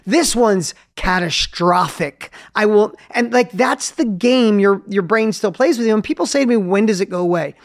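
A man's voice: sits high, brisk, hardly any pauses. A man in his fifties, a podcast host speaking in a reflective, emphatic, coaching way. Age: 50s. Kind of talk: podcast interview.

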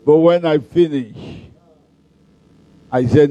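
A man's voice: high voice, lively intonation, normal speed, a little mellow, no echo, muffled recording. A middle-aged male pastor, preaching at a convention with emphatic, repeated declarations and humorous stories. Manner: humorous storytelling.

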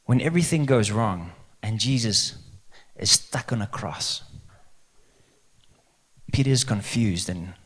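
A man's voice: lowish voice, unhurried, pauses often. A male pastor preaching a conversational sermon, asking rhetorical questions. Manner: lively, conversational, asks the crowd rhetorical questions.

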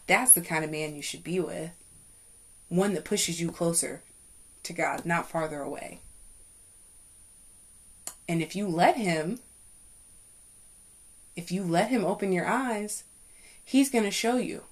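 A young adult woman hosting a faith-based talk, speaking in an emphatic, preachy way that climbs high and loud when she gets fired up. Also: unhurried, long pauses. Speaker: podcast host.

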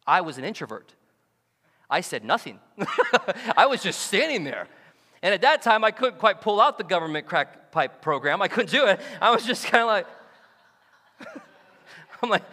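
A male pastor preaching a sermon, animated and joking, who often acts out the voices of the people he quotes. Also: a little high, moderate pace, long pauses, long reverb tail. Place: church sanctuary.

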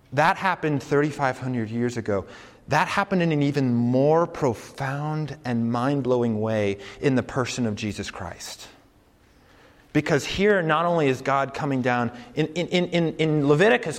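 A man preaching a sermon in a conversational, earnest way, slowing down to stress key points. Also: medium pitch. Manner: conversational, earnest, slows down for emphasis. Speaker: campus preacher. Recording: long hall reverb.

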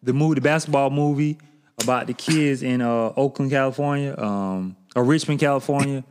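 A man co-hosting a podcast, chatting casually with animated, laughing emphasis. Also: mid-range voice, a little fast, a little hiss or hum. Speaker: podcast co-host. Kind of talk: casual chat.

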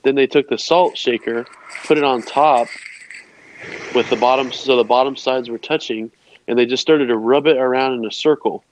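A man's voice: mid-range voice, fairly even intonation, normal speed, poor audio. A young man co-hosting a podcast, explaining something step by step in a friendly, casual way. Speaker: podcast co-host. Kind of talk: casual chat.

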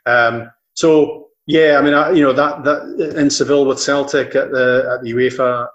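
Rambling Scottish football commentator. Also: male voice, medium pitch, steady tone, moderate pace, lo-fi sound. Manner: rambling, many restarts, anecdotal. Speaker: football commentator and presenter, guest. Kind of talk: casual interview chat.

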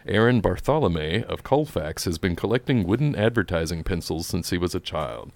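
A man's voice: low voice, lively intonation, vocal fry, a little mellow, dry recording. A man co-hosting a casual podcast, reading a news item and bantering with frequent laughs. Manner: laughs often, quick banter. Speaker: podcast co-host.

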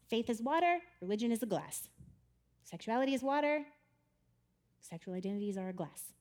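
A woman giving a chatty, animated storytelling talk about faith, often laughing as she speaks. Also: on the high side.

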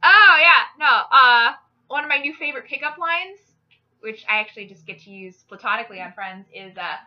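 A woman hosting a podcast, telling jokes in an animated, chatty way. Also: on the high side, fast, muffled recording. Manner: animated, jokey storyteller with fillers. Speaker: podcast host. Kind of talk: casual joke-telling chat.

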